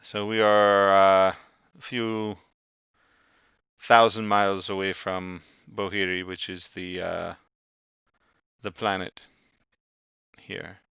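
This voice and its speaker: A man's voice: low-pitched, level tone, takes it slowly, vocal fry, pauses often, a bit bright, smooth, no echo, lo-fi sound, exaggerated voice. A man voicing a terse adult male starship pilot in a tabletop game, speaking in clipped, formal sentences. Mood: matter-of-fact.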